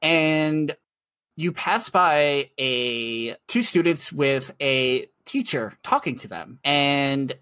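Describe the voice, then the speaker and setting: Laughing game master in a dry room. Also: male voice, on the high side, expressive, very slow, pushed and bright, clean tone, no echo. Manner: chatty, laughs often, self-correcting. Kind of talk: narrating a tabletop game.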